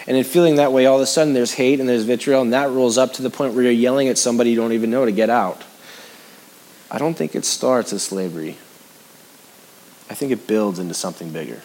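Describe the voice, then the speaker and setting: A man's voice: fairly low pitch, fairly quick. New man preaching a sermon. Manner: conversational preaching with sudden rises and hushed drops; repeats phrases for emphasis. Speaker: pastor.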